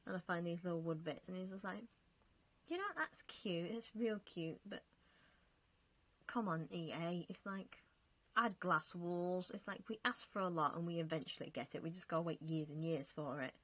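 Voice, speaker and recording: A woman's voice: lowish voice, steady tone, normal speed, fairly bright tone. A young woman chatting casually over gameplay, self-mocking and laughing often as she talks through her choices. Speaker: game vlogger.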